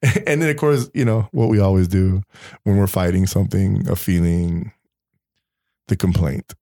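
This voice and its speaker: A man telling a story in a casual faith podcast chat, animated, restarting words and laughing often. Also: low-pitched, moderate pace, dry recording, studio quality.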